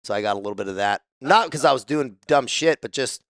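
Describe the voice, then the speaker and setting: A man in a casual podcast interview, telling profane, animated stories and acting out the people he quotes. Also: mid-range voice, quick pace, no echo. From San Diego, United States. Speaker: guest, former special forces soldier.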